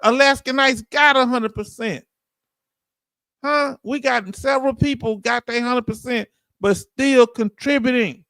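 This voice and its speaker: A man with a Southern accent hosts a casual livestream, chatting in a loose, folksy way and calling out to his viewers. His voice sits high and has a gravelly edge. The sound is close and dry. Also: fairly bright tone, dry recording. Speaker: livestream host. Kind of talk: casual livestream chat reading comments.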